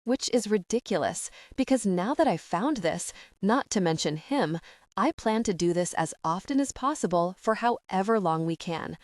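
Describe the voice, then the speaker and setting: A woman narrating a first-person romance audiobook in an intimate, unhurried way. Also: medium pitch, animated, dry recording, studio quality.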